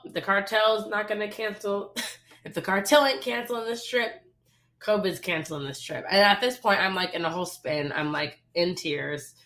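A young woman co-hosting a podcast, telling a personal story in casual, animated chat. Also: fairly low pitch. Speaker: podcast co-host.

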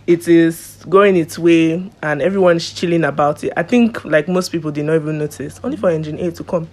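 A woman's voice: deep voice, fairly quick. A young woman, a guest in a casual podcast chat, retelling events expressively and mimicking the people involved. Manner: expressive storyteller, mimics others dramatically.

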